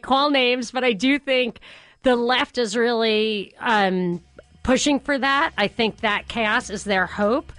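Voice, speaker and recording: A woman's voice: a little high, fairly bright tone, no echo. A woman hosting a talk radio show from a studio, chatting casually and animatedly, laughing often.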